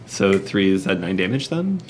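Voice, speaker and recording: Male player, low voice, rules-minded, casual game chat. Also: sing-song, normal speed, a little hiss or hum. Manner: careful, checks the rules. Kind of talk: casual tabletop play.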